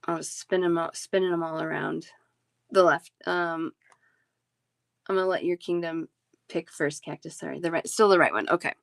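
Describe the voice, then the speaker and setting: A woman's voice: lowish voice, fairly even intonation, moderate pace, vocal fry, no room sound, clean studio sound. A woman in her thirties, a talkative and giggly live-stream bead seller chatting casually with her viewers.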